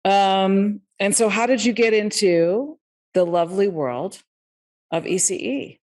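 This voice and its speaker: A woman's voice: mid-range voice, measured pace, darkish tone. A woman hosting a podcast interview, upbeat and conversational as she welcomes listeners and asks her guest questions. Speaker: podcast host.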